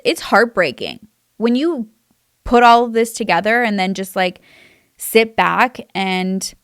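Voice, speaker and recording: A woman's voice: medium pitch, clean tone, dry recording. Young woman host, casual commentary, filler-heavy and indignant, dry close mic. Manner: chatty, says "like" a lot; emphatic and indignant. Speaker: true crime commentator.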